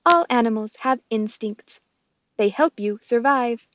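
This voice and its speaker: A woman voicing a gentle female robot mother who speaks slowly and formally, without contractions. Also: a little high, animated, no room sound, dull audio. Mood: calm tender. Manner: slow, measured, formal speech without contractions.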